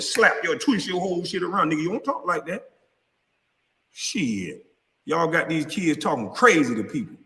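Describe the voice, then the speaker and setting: Cursing, angry man with a forceful voice. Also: mid-range voice. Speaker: vlogger. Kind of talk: profane heated rant. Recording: long reverb.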